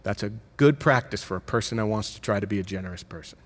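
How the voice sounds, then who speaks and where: A middle-aged man, a pastor, preaching a sermon in a conversational way, with emphatic rises and quick self-corrections. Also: fairly low pitch.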